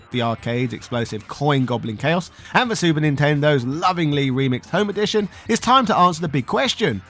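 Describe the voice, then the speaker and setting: A man with a slightly raised voice narrates a scripted video game documentary. His delivery is playful and punchy, full of wry asides, with soft music running quietly underneath. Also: fairly high pitch.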